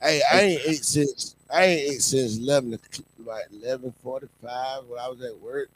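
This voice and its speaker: A man in casual podcast chat, bragging loudly about his team. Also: mid-range voice, normal speed. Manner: hyped, boastful sports talk.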